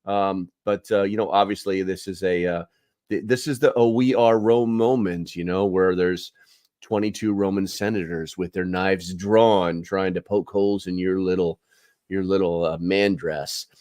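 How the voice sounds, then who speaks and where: Man, low voice, casual news commentary, sarcastic, lots of ums, dry sound. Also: steady tone, moderate pace, darkish tone, dry recording. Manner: rambling, sarcastic, many filler words. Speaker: prepper channel host.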